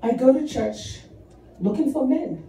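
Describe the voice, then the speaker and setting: A woman's voice: high voice, a little slow, heavy background noise. A woman doing a stand-up comedy set in a church hall, chatty and self-mocking, stretching out her punchlines. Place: church hall with live audience. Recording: echoey hall, taped from far off, audience laughter. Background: crowd laughing.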